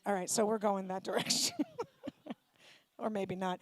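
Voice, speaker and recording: A woman's voice: on the high side, animated, moderate pace, dry recording. A woman doing stand-up comedy with crowd work, sarcastic, brash and profane. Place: synagogue comedy night stage.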